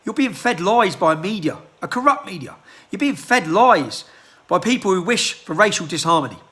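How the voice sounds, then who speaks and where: High-voiced, heated man ranting. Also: big pitch swings, normal speed, sharp tone. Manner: agitated, fires off repeated rhetorical questions, clears throat often. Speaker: political activist. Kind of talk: impassioned rant to a phone camera. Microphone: handheld phone.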